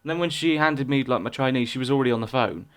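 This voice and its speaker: A young man, co-hosting a casual podcast chat in a relaxed, rambling way with many restarts. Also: mid-range voice, quick pace, smooth. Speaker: podcast co-host.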